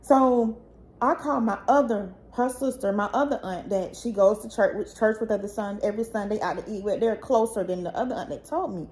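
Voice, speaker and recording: A woman's voice: medium pitch, brisk, darkish tone, a little hiss or hum. A young woman, telling her own painful family story in a raw, tearful, pleading way that rises when she gets upset. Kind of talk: emotional personal storytelling.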